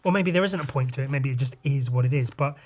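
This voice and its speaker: A man with a medium-pitched, slightly mellow voice talks fast, like a rambling podcast host who swears a lot. He's loose and meandering, sighing and tossing in asides, and his voice sounds a bit rough today as he gives a casual, comic walkthrough.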